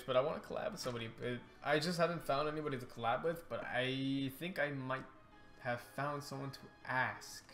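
A young man talking through a video game in a casual, excitable let's-play. He rambles and restarts his sentences, at a middling pitch. Faint game music runs underneath. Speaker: YouTube gaming host.

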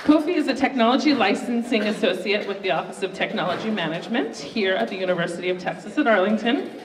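A host running a live student pitch contest in a university library event room. The host is chatty and upbeat and pokes fun at their own slip-ups. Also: expressive, fast talker, far from the mic, a crowd in the background. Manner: upbeat, chatty, self-mocking. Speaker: game show host. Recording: roomy, echoey room recorded from afar.

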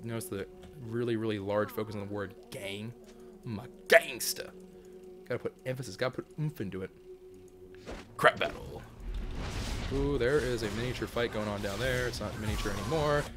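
A man giving casual, goofy commentary on his own gameplay as a channel host, often breaking into sudden high yelps and shouts. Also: a little fast, over music.

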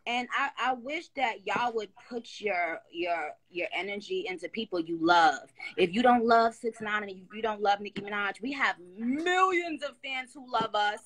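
A woman's voice: mid-range voice, expressive, moderate pace, few pauses, a bit bright. A woman talking into her phone on a casual live stream, emphatic and slangy, rambling through restarts.

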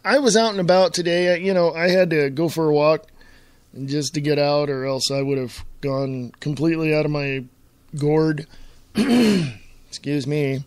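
A man with a slightly high voice hosts his own talk radio show. He rambles casually with lots of asides and keeps clearing his throat. The sound is dry and close to the mic. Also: measured pace, darkish tone, no echo.

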